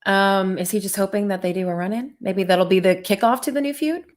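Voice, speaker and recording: A woman's voice: mid-range voice, a little fast. A woman co-hosting a live podcast who chats casually, laughs easily and asks many questions. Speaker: podcast co-host. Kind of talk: casual live news chat.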